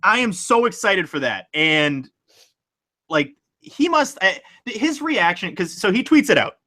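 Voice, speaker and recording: A young man hosting a podcast, chatting casually about sports in an excitable, rambling way and laughing easily. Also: high-pitched, unhurried. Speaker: podcast host.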